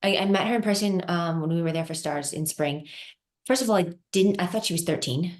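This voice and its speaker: A woman's voice: on the low side, brisk. A woman talking as a guest skating analyst in casual, enthusiastic chat, with frequent fillers. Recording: roomy echo.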